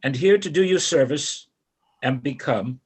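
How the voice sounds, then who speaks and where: Male reader: an aging turncoat priest, delivered slowly in a husky tone with measured verse, recorded over a video call. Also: medium pitch. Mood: pleading formally.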